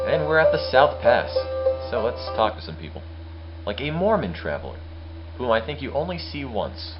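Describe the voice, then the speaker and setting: A man's voice: on the low side, muffled recording. A man streaming a game, giving casual, sarcastic commentary. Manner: sarcastic, joking.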